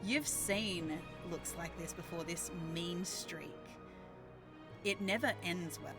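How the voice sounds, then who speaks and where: Slow-narrating woman game master. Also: fairly low pitch. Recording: music bed under the talk.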